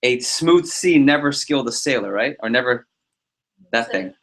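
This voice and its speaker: A man leading a sales team meeting, giving an energetic motivational talk full of anecdotes and repetition. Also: mid-range voice, normal speed. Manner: energetic, repeats himself, tells anecdotes. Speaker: team leader running a sales prep meeting.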